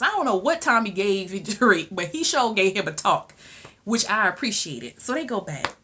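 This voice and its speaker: A woman's voice: medium pitch, moderate pace, breathy edge. Sassy woman recapping a TV episode. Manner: sassy, animated, laughs often. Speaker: TV episode reviewer. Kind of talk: casual chat, recapping a show.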